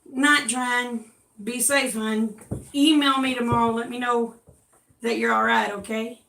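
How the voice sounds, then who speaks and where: A woman's voice: fairly high pitch, fairly even intonation, measured pace, vocal fry, a bit bright. An older woman chatting casually at home, coaxing and calling her dogs as she shows them off. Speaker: vlogger showing her dogs. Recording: roomy, distant from the mic.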